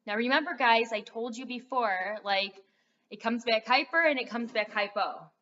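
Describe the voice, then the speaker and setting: A woman's voice: a little high, moderate pace, sharp tone. A young adult woman rambling through a casual vlog, full of fillers as she talks straight to her viewers. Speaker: vlogger. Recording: dull lo-fi sound.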